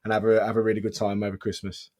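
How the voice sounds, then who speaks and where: A man's voice: fairly low pitch, completely flat delivery, racing, darkish tone. A man co-hosting a casual film podcast who rambles amiably and restarts his sentences. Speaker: podcast co-host. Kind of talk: casual film-review chat.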